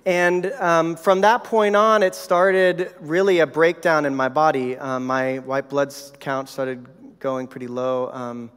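A man's voice: medium pitch, a bit bright, clear, resonant tone. A man in his thirties giving a sermon, telling a personal story in a conversational way with many fillers. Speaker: pastor. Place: church hall. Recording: reverberant hall.

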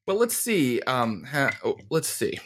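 A man narrating a tabletop game as game master, talking in a halting, good-humored, conversational way. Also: medium pitch, very animated, background noise.

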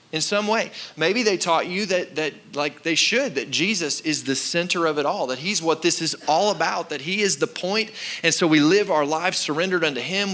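A man's voice: a little high, bright, forceful tone. A man preaching a sermon as pastor, speaking emphatically and repeating key lines while addressing the congregation directly.

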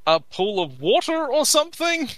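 A man playing a paladin at a tabletop game, chatting in an animated, joking way. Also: very high-pitched, normal speed, a little hiss or hum. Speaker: player. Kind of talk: casual tabletop role-play.

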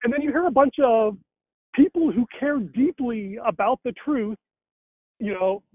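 A man's voice: extremely high pitch, a little slow, no room sound. A man talking casually in a conversation, rambling, with many fillers and restarts. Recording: dry tinny phone-like line.

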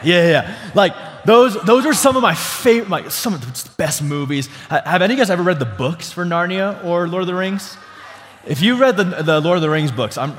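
A man's voice: fairly high pitch, a bit bright. A young adult man, a pastor, preaching a casual sermon full of fillers and restarts, asking the congregation questions. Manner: asks the congregation questions and calls for responses. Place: church sanctuary before a congregation. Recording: long hall reverb.

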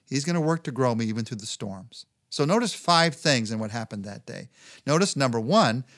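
A man preaching a sermon in an earnest way, lifting his voice for emphasis. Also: fairly bright tone. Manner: earnest, rises in pitch for emphasis. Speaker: pastor.

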